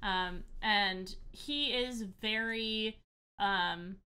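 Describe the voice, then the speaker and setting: A woman's voice: medium pitch, very slow, bright, forceful tone, clean tone. A woman narrating a tabletop game as game master, casually, with many fillers.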